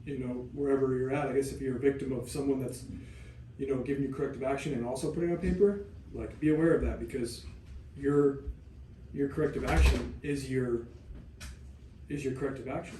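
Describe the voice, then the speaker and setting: A man co-hosting a podcast in a relaxed way, asking questions and often restarting his sentences. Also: medium pitch, fairly quick. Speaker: podcast co-host. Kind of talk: casual podcast chat. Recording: roomy room, distant mic, faint hum.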